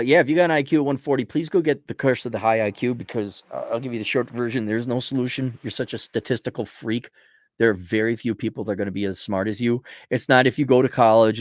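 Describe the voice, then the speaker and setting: A man's voice: mid-range voice, no echo, clean studio sound. A man hosting a show, giving blunt, crude, sarcastic advice in a casual rant to a viewer. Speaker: host answering a viewer question.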